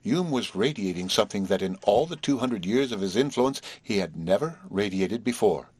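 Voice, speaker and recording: Lively low-voiced male narrator. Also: normal speed, husky, dry recording. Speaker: audiobook reader. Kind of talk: scripted narration.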